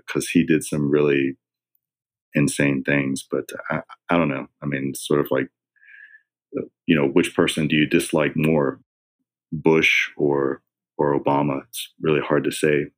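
A man with an extremely deep, low voice talks as a podcast guest. He rambles in a casual discussion, hesitant and full of fillers and restarts.

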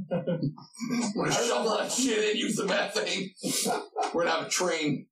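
A man joking excitably and crudely as a player in a tabletop game. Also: high-pitched, a little slow, slight background noise. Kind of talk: casual game banter. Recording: roomy distant mic with crowd.

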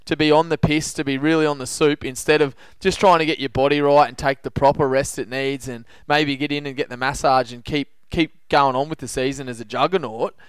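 A man's voice: mid-range voice, fairly even intonation, fairly quick, few pauses, smooth, no room sound. An Australian man co-hosting a sports podcast, giving opinions in a casual, colloquial way. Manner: opinionated, laughs often, colloquial. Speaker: podcast co-host.

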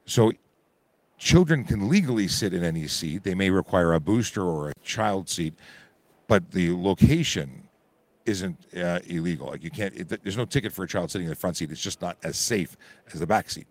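A hoarse man, a police constable from Canada, explaining traffic rules informally on a live radio call-in from a busy auto show. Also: low voice, expressive, moderate pace, no echo.

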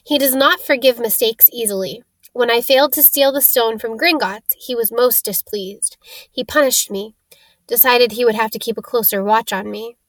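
A woman's voice: a little high, normal speed, a bit bright, no room sound, natural voice. Quirrell, a woman voicing a cold scheming wizard. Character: cold scheming male wizard teacher, menacing. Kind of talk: audiobook character reading.

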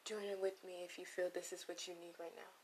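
A woman's voice: fairly low pitch, little pitch movement, quick pace, noisy background. A young woman vlogger in a casual, comedic monologue, rambling and losing her train of thought with playful asides, close to the mic. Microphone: close microphone.

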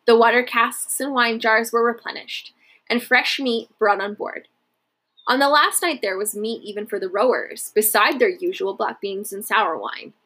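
A woman reading a historical novel aloud at a steady, measured pace. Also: fairly high pitch, breathy edge. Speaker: narrator.

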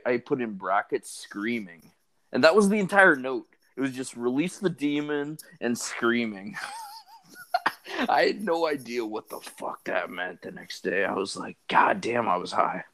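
A man co-hosting a podcast, telling stories in casual, profane chat. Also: mid-range voice. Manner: profane, animated storytelling. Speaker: podcast co-host.

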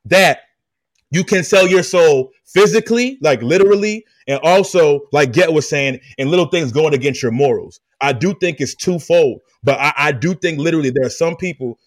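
A man hosting a podcast, telling a personal story in an animated, emphatic way and talking straight to his listeners with slang. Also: a little high, normal speed, no echo, clean studio sound. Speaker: podcast host. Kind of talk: casual storytelling chat.

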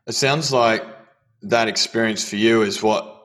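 A man's voice: fairly low pitch, unhurried, fairly bright tone. A man talking candidly in a casual conversation, telling personal stories. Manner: candid, storytelling with acted quotes.

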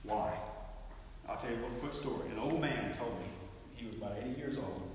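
A man leading a Bible lesson from a handout, talking in a loose, emphatic way and restarting his phrases. His voice sits at an ordinary middle pitch. It rings with a strong, long echo from the hall, with faint ambience in the background. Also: brisk, slight background noise. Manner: conversational, emphatic, rambling with restarts. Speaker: Bible teacher. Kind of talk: classroom teaching with a handout.

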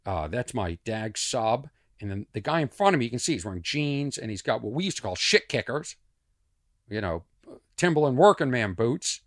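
Lively, rambling man from Boston. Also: mid-range voice, normal speed, no room sound, studio quality. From Boston, USA. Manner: rambling, animated storyteller with asides and restarts. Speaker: podcast host. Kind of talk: casual monologue podcast.

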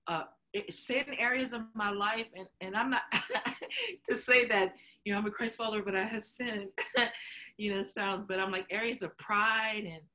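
Woman show host, candid storyteller with a bright, forceful voice, laughs easily and acts out what people said. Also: medium pitch, normal speed. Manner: emotional, chokes up while telling it; laughs often, acts out quotes. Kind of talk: candid conversation.

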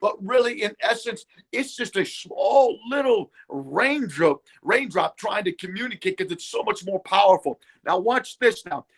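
Gravelly high-voiced preacher man. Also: expressive, a little slow, few pauses. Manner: fervent, repeating "come on now". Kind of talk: sermon.

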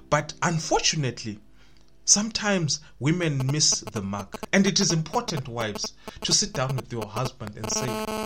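A man's voice: a little high, animated, unhurried, a bit bright, soft background music. A man preaching a sermon, emphatic and repetitive, building to rising calls. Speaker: pastor.

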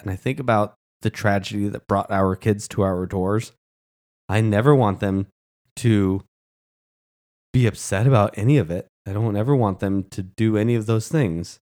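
Earnest man with a lowish voice. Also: darkish tone. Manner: earnest and impassioned. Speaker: podcast co-host. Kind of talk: casual podcast chat.

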